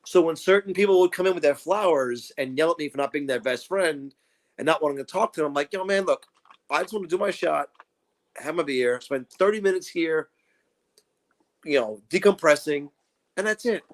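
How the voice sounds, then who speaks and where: A man co-hosting a podcast, telling profane, animated stories in casual chat and acting out what people said. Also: on the high side, brisk. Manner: profane, animated storytelling with acted-out quotes. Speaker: podcast co-host.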